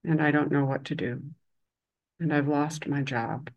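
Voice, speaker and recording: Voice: mid-range voice, fairly even intonation, unhurried, lo-fi sound, natural voice. A speaker voicing a big drunk man who breaks down about his losses, in a retold story. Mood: grieving. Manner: gruff, then sobbing.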